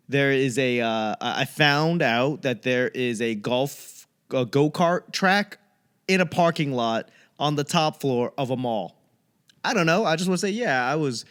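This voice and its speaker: A young man hosting his own comedy podcast, rambling through a casual monologue and acting out other people in quick bits. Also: mid-range voice, smooth. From United States. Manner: acts out voices in quick bits.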